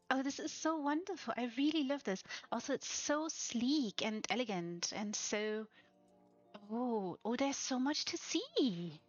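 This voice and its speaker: Woman streamer, high voice, very slow and drawn-out, gushing and breathy, slightly dull lo-fi sound, faint music behind. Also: expressive. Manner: enthusiastic, breathy exclamations, frequent soft whispers and giggles. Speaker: streamer touring player houses. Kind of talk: slow, gushing live-stream house tour.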